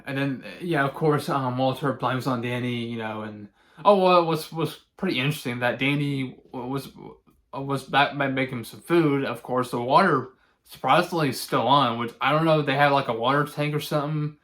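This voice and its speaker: Man, casual movie review, halting, rambling, lots of fillers, chuckles now and then, mid pitch. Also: fairly bright tone. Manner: chuckles often while recounting.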